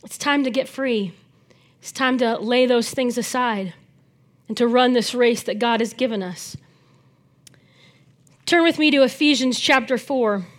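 A woman preaching a sermon, animated, moving between loud emphasis and soft near-whispered asides, chatting with the congregation now and then. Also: fairly high pitch, a little slow, long pauses.

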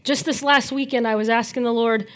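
Speaking fairly quickly in a fairly high voice, a woman delivers an animated sermon. Her delivery shifts from loud, emphatic moments to near-whispered asides, and she occasionally talks directly with the congregation.

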